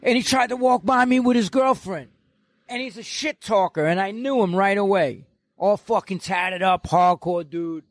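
A man's voice: sits high, moderate pace, no room sound, studio quality. A man, telling stories as a guest in an aggressive, profane, boastful way. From New York. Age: 60s. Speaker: podcast guest. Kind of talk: profane storytelling in an interview.

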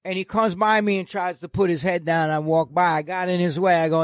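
A man's voice: high voice, fairly even intonation, a little fast, few pauses, no echo, studio quality. Brash profane New man in his sixties. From New York. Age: 60s. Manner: aggressive, profane, boastful. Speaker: podcast guest. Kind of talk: profane storytelling in an interview.

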